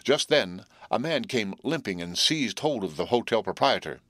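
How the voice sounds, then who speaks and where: A man narrating an audiobook in a steady, clear reading voice. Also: lowish voice, moderate pace, no echo.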